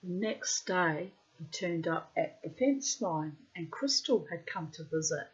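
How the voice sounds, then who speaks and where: A middle-aged woman telling a personal story in a blunt, salty way, swearing freely and loudly acting out what people said. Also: lowish voice, a little slow. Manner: animated, acts out quotes loudly. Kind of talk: personal anecdote monologue. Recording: muffled lo-fi recording.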